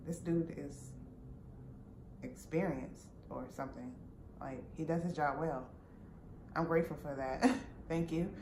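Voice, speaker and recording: A woman's voice: sits low, fairly even intonation, measured pace, pauses often. A woman casually retelling a frustrating personal experience, full of fillers and quoted dialogue. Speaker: vlogger. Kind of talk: personal storytime. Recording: roomy with faint background noise.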